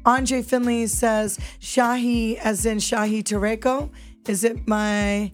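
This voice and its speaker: A woman's voice: mid-range voice, flat delivery, slow, faint music behind. A woman hosting a morning radio show in a studio, upbeat and chatty as she reads out listener texts. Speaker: radio host.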